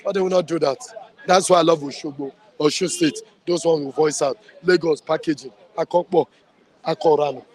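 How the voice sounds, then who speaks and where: Nigerian man, high-pitched, impassioned outdoor commentary, fiery and blunt. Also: fairly even intonation, brisk, darkish tone. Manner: fiery, ranting, mixes in Yoruba. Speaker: street interviewee.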